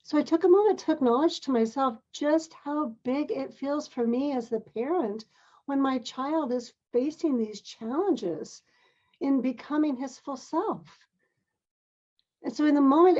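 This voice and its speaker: An older woman tells a personal story from her life as a mother and grandmother in a gentle, earnest, measured way. Her voice sits a little high and has a husky edge. The recording sounds dull and lo-fi. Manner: gentle, earnest, measured, with occasional throat clearing. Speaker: parent sharing a personal story.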